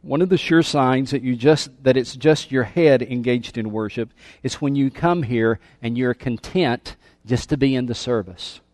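A man's voice: medium pitch, moderate pace, few pauses, a little mellow, no echo. A male pastor preaching a sermon with emphasis, calling out questions to his congregation. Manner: emphatic, calls for congregation response. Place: church sanctuary.

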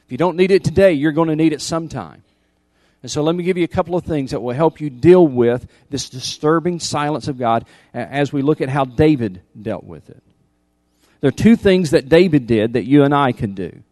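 A man preaching a sermon as pastor, emphatic, repeating key lines and swinging from loud appeals to hushed intensity. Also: on the high side, expressive, fairly quick, dry recording.

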